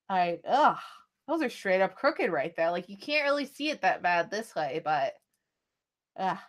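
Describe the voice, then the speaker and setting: A young adult woman vlogging, talking casually and rambling to a phone camera she holds at arm's length. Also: medium pitch. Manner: rambling, chatty, with frequent "like" and sighs. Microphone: phone camera held at arm's length.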